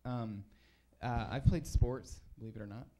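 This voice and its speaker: A man's voice: mid-range voice, measured pace, warm tone. A man doing a rambling, self-deprecating stand-up comedy set on a comedy club stage, full of fillers and restarts.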